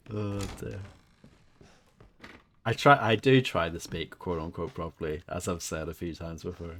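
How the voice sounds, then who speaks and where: Low-voiced man streaming a game. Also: normal speed, long pauses, slight background noise. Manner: rambling, self-deprecating, chats with viewers. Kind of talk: casual live gameplay chat.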